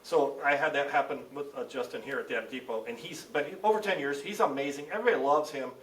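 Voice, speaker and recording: Middle-aged male CEO guest, rapid animated storyteller, voice distant and roomy. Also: mid-range voice, slight background noise. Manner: animated storyteller acting out dialogue. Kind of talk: casual podcast conversation. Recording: roomy, distant mic with faint ambience.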